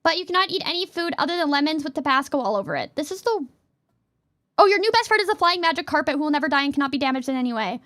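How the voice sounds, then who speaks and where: High-voiced giggly woman streamer. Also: expressive, rapid-fire, dry recording. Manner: giggly, playful, bursts into yelling. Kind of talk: casual live-stream chat, reading questions.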